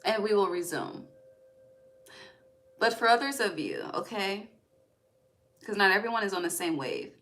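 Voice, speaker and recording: This young woman reads tarot cards casually in a mid-range, fairly bright voice, unhurried with long pauses. Often close to tears, she swears without restraint and checks in repeatedly with "okay" or "all right."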